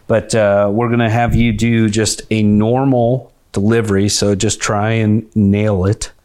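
A man's voice: fairly low pitch, flat delivery, measured pace, a little mellow. A man hosting a comedy podcast, talking casually and rambling through the show's games. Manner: chatty, rambling, hesitant with restarts. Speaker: podcast host.

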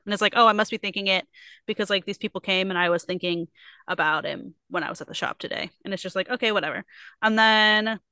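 A young adult woman co-hosting a casual book club podcast, retelling a story with lots of fillers and quick put-on quotes. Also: mid-range voice, sharp tone, clear, resonant tone, dry recording. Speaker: podcast co-host.

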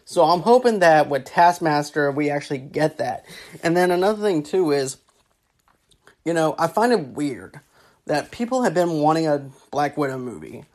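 A woman's voice: low voice, big pitch swings, normal speed, darkish tone. A woman giving casual, rambling movie commentary, often repeating herself and stacking filler phrases. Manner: rambling, repeats "actually" and "go on ahead".

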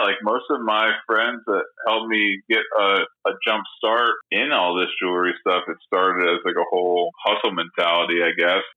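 A man's voice: lowish voice, phone-quality sound. A man from Long Island, a jewelry maker and podcast guest, talking casually and rambling with lots of swearing. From Long Island, New York. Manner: laid-back, swears constantly, rambling.

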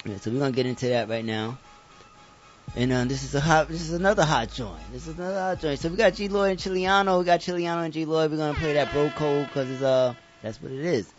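A man hosting a casual radio show, talking loose and slangy, laughing often and getting excited. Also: fairly high pitch, quick pace. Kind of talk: casual chat. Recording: dull lo-fi sound with faint music.

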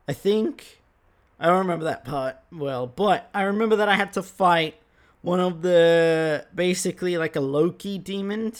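A young man hosting a podcast, telling a story casually, animated, swearing and laughing often. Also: on the high side. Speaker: podcast host.

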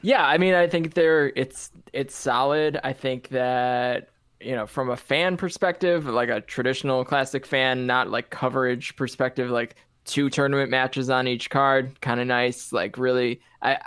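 A man co-hosting a casual podcast, relaxed and thinking aloud with many fillers. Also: mid-range voice, measured pace, clear, resonant tone, dry recording, clean studio sound. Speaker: podcast co-host. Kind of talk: casual wrestling review chat.

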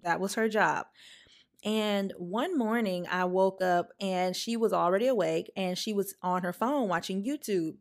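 A woman in her twenties hosting a podcast and telling a personal story in a candid, chatty way. She talks straight to her listeners and gets animated when she quotes herself. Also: medium pitch, unhurried. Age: 20s. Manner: chatty, addresses listeners as "y'all". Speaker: podcast host.

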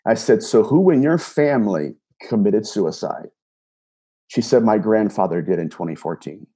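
Guy with a low husky voice telling a story casually, keeps saying "i said", kinda stammery. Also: animated, moderate pace, mellow. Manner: earnest, recounts dialogue with many "I said" tags and stammered repeats. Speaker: self-described empath telling a personal story.

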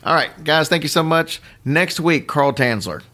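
A man hosting a podcast, telling a story in casual chat with lively asides and chuckles. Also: on the high side. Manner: animated, quick asides and chuckles. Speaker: podcast host.

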